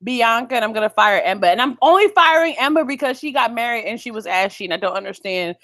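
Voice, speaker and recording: A woman's voice: a little high, animated, fast talker, a bit bright, dry recording. A woman co-hosting a podcast in casual, playful chat, often laughing as she talks. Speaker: podcast co-host.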